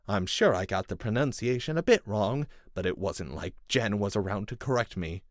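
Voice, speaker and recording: A man reads a first-person thriller in a low voice whose pitch moves a lot. His delivery is measured and intense, and the recording is dry and close with no room sound. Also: expressive, no room sound. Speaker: audiobook narrator. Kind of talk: first-person scripted narration.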